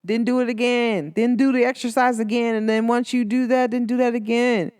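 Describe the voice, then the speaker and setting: A woman's voice: a little high, flat delivery, brisk, a little mellow, clear, resonant tone, no room sound, studio quality. Chatty encouraging woman host. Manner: chatty, encouraging, lots of "like" fillers. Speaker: podcast host. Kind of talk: casual motivational talk.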